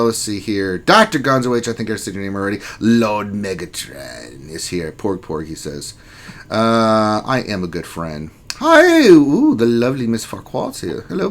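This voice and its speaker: A man's voice: mid-range voice, fairly bright tone. Laid-back joking man hosting a stream. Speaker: livestream host. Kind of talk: casual chat, greeting viewers and reading chat messages aloud.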